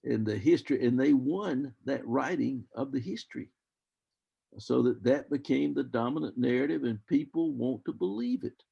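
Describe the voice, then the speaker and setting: An older man talks through history as a guest on a video call, thinking aloud and circling back on himself. His voice is heavily gravelly and husky, with a dark, mellow tone. The sound is dull and lo-fi, as over a call. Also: medium pitch, lively intonation, moderate pace. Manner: rambling, thoughtful, with many restarts.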